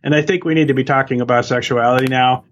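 A man's voice: medium pitch, fairly even intonation, fast talker, slight background noise. A man who is an author and guest on a podcast, explaining his points earnestly and steadily. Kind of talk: interview answers.

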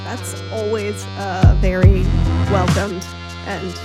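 A woman's voice: medium pitch, flat delivery, slow pace, over loud music. A woman in her thirties co-hosting a casual chat, laid-back and upbeat, swearing casually.

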